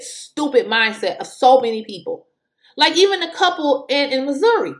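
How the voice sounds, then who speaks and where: A woman's voice: high-pitched, big pitch swings, normal speed. A woman speaking in who has school-age kids, giving fiery, exasperated political commentary and repeating words for emphasis. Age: adult with school-age children.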